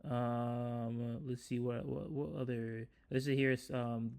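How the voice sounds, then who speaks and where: A man's voice: medium pitch, flat delivery, slow, darkish tone. A man hosting a casual coding tutorial, talking hesitantly with many restarts. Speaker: tutorial host, developer. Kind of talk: casual screen-recorded tutorial.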